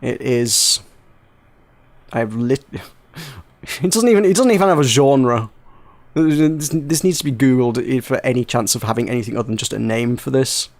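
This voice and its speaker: A British man hosting a casual gaming podcast, jokey and rambling, quick to laugh. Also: medium pitch. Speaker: podcast host.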